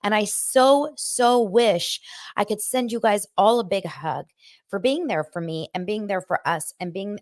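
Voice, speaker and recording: A woman's voice: medium pitch, unhurried, dry recording. A woman hosting her own daily show, speaking candidly and emotionally into a microphone, rambling and restarting as she goes. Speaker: host of a daily pop culture show. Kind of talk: candid casual chat. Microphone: studio microphone.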